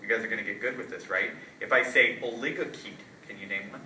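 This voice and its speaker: A man lecturing a class in a casual, conversational way, tossing out questions and checking in with his students. His bright, forceful voice carries from a distance, heard in an echoey lecture hall with a faint hum behind it. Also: lowish voice, quick pace. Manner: casual, quizzing students with frequent "right?". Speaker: college zoology lecturer. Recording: roomy lecture hall from far off, light noise.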